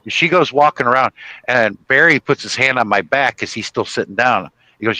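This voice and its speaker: A chatty man spins funny stories in a loose, rambling way, often laughing at himself. His voice is bright and ringing, recorded close and dry with no room echo. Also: medium pitch, fairly quick. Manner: chatty, with many restarts and "you know". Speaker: guest telling stories. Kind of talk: casual storytelling chat.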